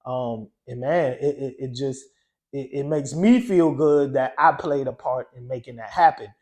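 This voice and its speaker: A man's voice: mid-range voice, normal speed, a little mellow. A man, a guest DJ, telling a story in a loose, conversational way, often saying "you know" and "um". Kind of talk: casual storytelling.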